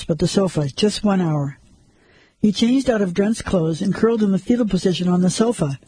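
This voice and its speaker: A male narrator reads a story in a steady, measured voice. His voice is mellow and a little husky, pitched fairly high for a man. The recording is dry and close. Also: no room sound, rough recording. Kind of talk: storybook reading.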